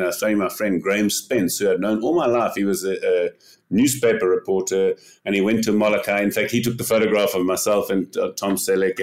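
An older man, a podcast guest, talking in casual interview style, telling stories energetically, often repeating words and acting out what others said. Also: deep voice. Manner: animated storyteller, repeats words, acts out quotes. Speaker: podcast guest, ocean paddler.

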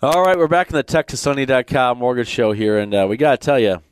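A man with a Michigan accent hosting a radio mortgage show from the studio. He talks plainly and throws in the odd joke while laying out numbers. His mid-pitched voice is recorded close and dry. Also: lively intonation, quick pace, clean tone, no echo. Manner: plainspoken, joking between explanations.

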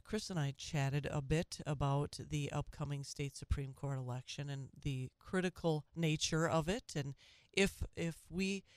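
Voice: medium pitch, clear, resonant tone, no echo. A local talk radio host, delivering an earnest, opinionated monologue full of stammered restarts.

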